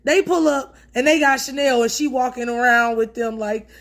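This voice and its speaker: A woman telling a story from her childhood in a casual, slangy, profane, animated way. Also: fairly high pitch, normal speed.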